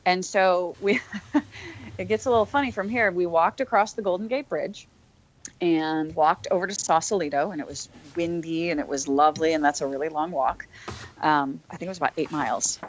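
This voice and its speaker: A woman's voice: low-pitched, slight background noise. A woman who is a podcast guest, telling a personal story in an earnest, reflective way, with frequent fillers and restarts.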